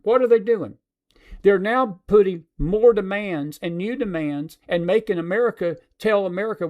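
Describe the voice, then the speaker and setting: Emphatic high-voiced male commentary host. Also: lively intonation, measured pace, darkish tone. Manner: emphatic, preacher-like ranting with repeated phrases. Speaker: show host. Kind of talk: live-stream commentary talk.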